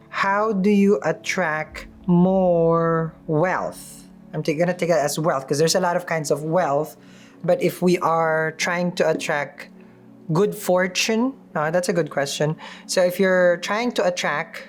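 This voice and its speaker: A tarot reader and spiritual advisor giving a casual reading and advice, chatty, with frequent "mm-hmm" asides and dry sarcasm. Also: medium pitch.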